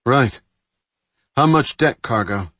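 A man's voice: mid-range voice, lively intonation, slow pace, a bit bright, no room sound, pitched above the performer's own voice. A man voicing a young junior ship officer who talks wryly and sarcastically.

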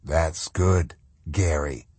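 A man voicing a cold, menacing masked male colonel who speaks low and quietly coaxing. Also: extremely slow, breathy edge, dry recording, full character voice.

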